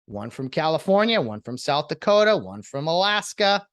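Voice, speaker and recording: A man's voice: a little high, big pitch swings, moderate pace, a bit bright, no room sound, clean studio sound. A man hosting his own podcast in a rambling, sarcastic solo monologue that jumps between topics. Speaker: podcast host.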